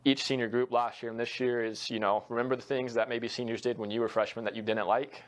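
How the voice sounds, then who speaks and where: A man's voice: medium pitch, little pitch movement, fast. A young man, a college soccer head coach, giving earnest, reflective interview answers with frequent fillers.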